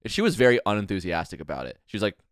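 A man with a deep, low voice tells a long story in casual podcast chat. He acts out the quoted lines of the people in it. The sound is dry and close, with no room echo. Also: big pitch swings, racing. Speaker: podcast co-host.

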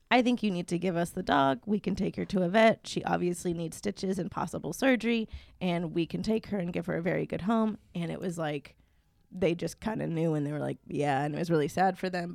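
A woman's voice: on the low side, vocal fry, dry recording. A young adult woman co-hosting a podcast, telling a long anecdote in casual chat with lots of fillers. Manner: rambling anecdote with many fillers. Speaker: podcast co-host.

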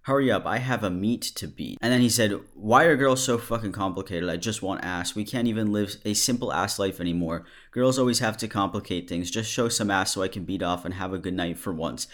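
A man hosting a commentary video, reading out screenshots and reacting with animated mockery. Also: fairly low pitch, a little fast, few pauses. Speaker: host.

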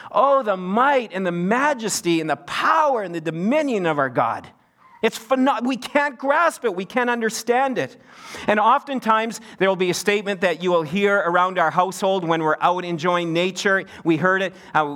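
A middle-aged man preaching a sermon in a church, his voice swinging from soft low passages up to emphatic peaks. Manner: wide pitch swings, rising to emphatic peaks. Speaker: pastor.

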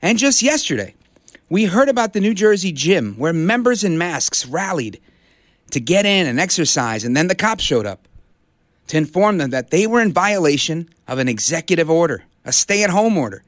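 New guy on talk radio, preachy rally-the-troops monologue, voice a bit high. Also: very animated, no room sound, clean studio sound. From Brooklyn, USA. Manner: emphatic, preachy rallying delivery with drawn-out slow phrases. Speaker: radio talk show host.

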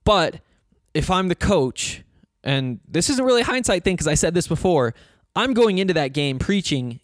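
A man's voice: high voice, big pitch swings, moderate pace, no echo. Dry-voiced man rambling about college sports. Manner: rambling, restarts often, coach-like asides. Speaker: sports podcast host. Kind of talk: casual solo sports commentary.

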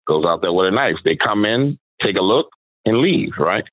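A man's voice: lowish voice, animated, moderate pace, no echo. A man telling a paranormal story as a guest, chatting casually and voicing the people in it. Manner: conversational, quotes people in his story. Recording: thin phone-like sound.

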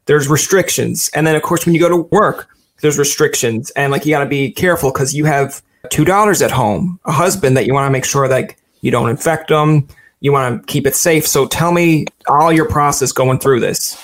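A man's voice: medium pitch, normal speed. A man hosting a podcast interview in casual chat, playful and jokey, rambling with lots of fillers. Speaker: podcast host.

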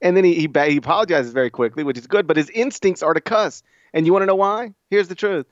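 Speaking quickly in a fairly high voice, a middle-aged co-host of a casual sports podcast jokes at his partner's expense and drifts from story to story. There's no echo, though the audio is dull and lo-fi.

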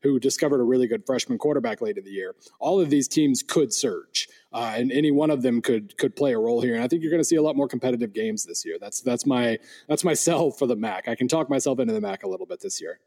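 A man's voice: medium pitch, lively intonation, fast talker, creaky, few pauses, darkish tone. Easygoing man analyzing college football. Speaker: podcast co-host. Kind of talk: casual sports chat.

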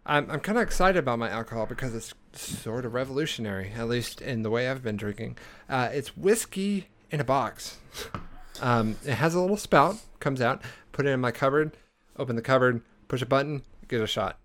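A young man hosts a casual podcast with friends, rambling along with plenty of fillers and false starts. His voice sits at an ordinary middle pitch. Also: animated, brisk, a bit bright. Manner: rambling, many fillers and restarts. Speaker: podcast host. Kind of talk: casual chat.

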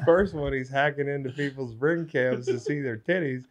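A man co-hosting a laid-back sports podcast in a middle pitch. He tells a comic story with plenty of swearing and slips briefly into quick impressions of the people in it. His delivery is loose and animated. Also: a little hiss or hum. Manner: profane, animated storyteller doing quick character voices. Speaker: podcast co-host. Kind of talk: comedic storytelling, casual chat.

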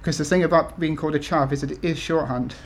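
A man's voice: on the high side, steady tone, fast talker, slight background noise. A man in his thirties from the UK, an author talking to an event audience with many ums and restarts, then reading his essays aloud. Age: 30s.

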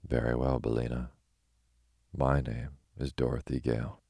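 A man's voice: extremely low pitch, level tone, normal speed, vocal fry, dark tone, husky, no room sound, clean studio sound, full character voice. A man voicing an earnest, polite little girl in a storybook reading.

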